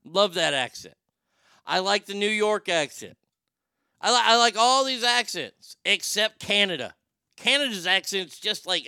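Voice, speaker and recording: A man with a high, gravelly voice that still comes through crisp and clean. He riffs on the news in a sarcastic, rambling way, swearing freely as he goes. The sound is close and dry, with no room around it. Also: animated, a little slow, bright, forceful tone, dry recording. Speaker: show host. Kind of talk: profane comedic news commentary.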